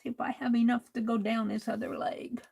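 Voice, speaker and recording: A woman chatting casually while she stitches, softly talking to herself and sometimes dropping to a whisper. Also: fairly high pitch, level tone, fairly quick, vocal fry, slightly rough, low-quality recording. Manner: soft-spoken, drifts into whispers; talks to herself while working. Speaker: crafting livestream host.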